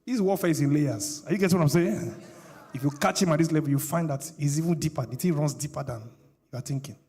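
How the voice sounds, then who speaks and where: A man's voice: a little high, quick pace, warm tone, slightly rough. A middle-aged male pastor, preaching a sermon with call-and-response questions to the congregation.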